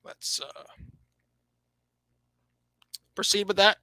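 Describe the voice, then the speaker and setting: A man hosting a motorsport podcast, breaking down standings and races in an animated, emphatic way, often correcting himself mid-sentence. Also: high-pitched, normal speed, no room sound, poor audio. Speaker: podcast host.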